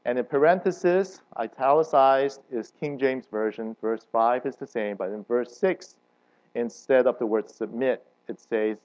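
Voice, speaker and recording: A man gives a relaxed, story-driven sermon, often pausing to put questions to the audience. His voice sits at an average pitch, with lively rises and drops for emphasis. The recording sounds a little dull and lo-fi. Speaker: preacher.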